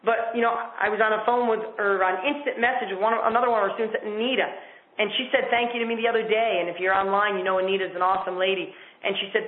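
A man hosting a coaching call, giving a fast, enthusiastic motivational sales pitch over the phone. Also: flat delivery. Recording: tinny phone line with echo.

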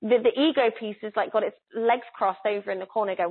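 A woman guides a listener through a spiritual reading in a soft, coaxing voice, lingering on the phrases that matter most. Her voice sits at an ordinary middle pitch. She comes through a laptop call, so the sound is thin and tinny, like a phone line. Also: breathy edge. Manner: soft, earnest, coaxing, slows down on key phrases. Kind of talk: live online spiritual reading. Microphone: laptop on a video call.

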